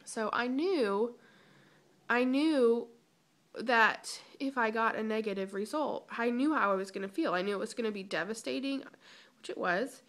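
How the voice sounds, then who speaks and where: Bright-voiced woman vlogging emotionally. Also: a little high, moderate pace. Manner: emotional, fighting back tears; chatty with many ums and restarts. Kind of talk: personal vlog update.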